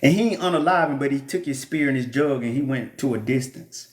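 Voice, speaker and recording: A man's voice: medium pitch, brisk. A man reading the Bible aloud and commenting in a blunt, joking, preacherly way. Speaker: Bible teacher.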